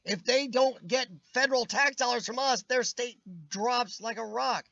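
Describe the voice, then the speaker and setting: A man's voice: very high-pitched, moderate pace, vocal fry, sharp tone, dull audio. A man hosting a casual live-stream chat, ranting with strong opinions and answering viewers' comments by name, his voice starting to wear out. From United States. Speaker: livestream host reading chat.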